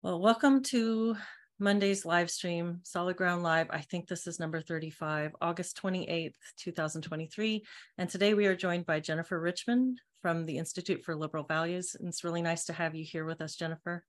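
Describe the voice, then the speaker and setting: A woman from Texas hosting a live-stream talk show, welcoming guests in a relaxed, friendly way. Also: on the low side, brisk. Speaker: host.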